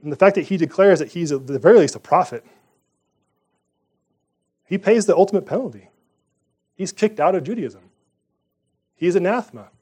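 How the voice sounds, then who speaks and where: Conversational preaching man, higher voice. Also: expressive, moderate pace, pauses often, dark tone, husky. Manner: conversational preaching with rhetorical questions. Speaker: pastor. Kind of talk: sermon.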